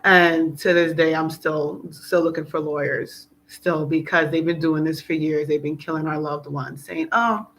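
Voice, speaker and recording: A woman's voice: low-pitched, flat delivery, moderate pace, hardly any pauses, poor audio. A woman talking in a casual, rambling spiritual vlog, earnest and emotional, preaching at times. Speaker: spiritual vlogger. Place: outdoors in South Florida.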